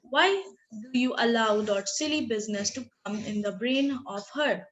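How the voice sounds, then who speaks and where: A woman reading aloud the lines of a gruff old male painter who scoffs in disgust, voiced loudly and with scorn. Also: on the high side, lively intonation, normal speed, dull audio. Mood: scornful.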